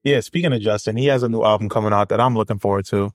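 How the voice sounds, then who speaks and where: A man's voice: fairly low pitch, racing, no echo, studio quality. A man co-hosting a hip hop album podcast, chatting in an easygoing, conversational way and pushing back on his co-host. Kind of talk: casual chat.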